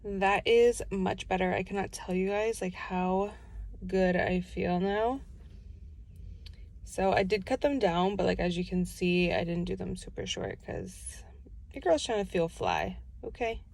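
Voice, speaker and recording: A woman's voice: medium pitch, lively intonation, a little slow, creaky, a little mellow. A young woman vlogging into her phone, rambling casually with lots of "like" as she runs errands and talks at home. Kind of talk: casual vlog chat to camera. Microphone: phone held at arm's length.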